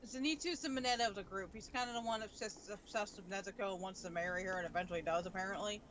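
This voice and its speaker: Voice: mid-range voice, fast talker, a bit bright, slight background noise. Chatty gamer explaining anime lore. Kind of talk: casual gaming stream chat.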